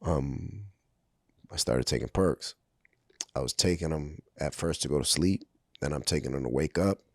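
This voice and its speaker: A middle-aged man from Brooklyn, New York, tells his life story candidly as a podcast guest, with lots of ums and acted-out quoted dialogue. His very deep voice is a little mellow at normal speed, recorded in studio quality without echo.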